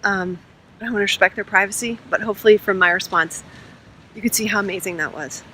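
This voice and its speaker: A woman vlogging outdoors at night in pouring rain, telling an excited, emotional story and getting choked up. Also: mid-range voice, quick pace. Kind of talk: casual vlog monologue. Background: rain and passing traffic.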